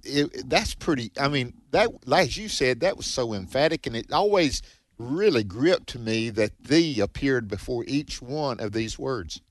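A man's voice: medium pitch, animated, unhurried, no echo. A man co-hosting a radio Bible discussion, speaking emphatically and often restarting his phrases. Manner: emphatic, repeats words when starting phrases. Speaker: radio co-host.

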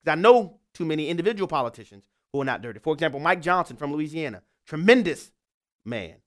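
A man's voice: a little high, very animated, fast. A man giving an impassioned political monologue, emphatic and fired up, repeating his points. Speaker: political commentator.

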